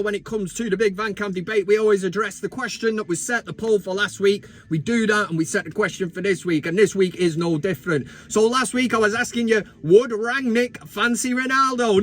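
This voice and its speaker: A man's voice: high-pitched, brisk, hardly any pauses, a bit bright. A man hosting a casual live football fan vlog from inside a van, joking and swearing as he rants. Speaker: football fan channel host.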